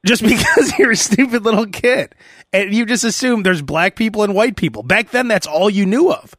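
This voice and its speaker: A man in his thirties hosting a podcast, telling rambling, animated stories and laughing as he goes. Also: sits high, normal speed, no room sound, clean studio sound. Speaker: podcast host. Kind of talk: casual podcast chat.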